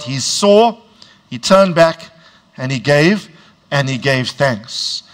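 A man preaching with a deliberate, drawn-out cadence and a fairly high voice. He leads his congregation in call-and-response and climbs to shouted emphasis on key words. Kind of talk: sermon.

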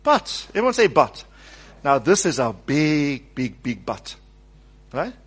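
A man preaching a sermon, animated, calling on the congregation to repeat his words and acting out the quoted speech. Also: fairly high pitch, slow, husky.

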